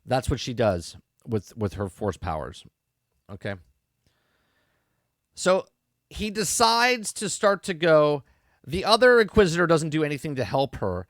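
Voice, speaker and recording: A man's voice: on the high side, big pitch swings, unhurried, long pauses, fairly bright tone, no room sound, clean studio sound. A man hosting a podcast, giving a rambling, exasperated spoken review that repeats its points and swears freely. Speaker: podcast host. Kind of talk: casual show review commentary.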